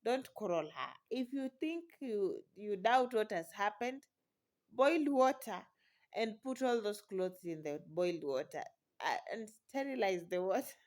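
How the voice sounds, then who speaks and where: A woman's voice: medium pitch, expressive, measured pace, natural voice. A woman voicing her worried older mother giving urgent, practical advice on the phone.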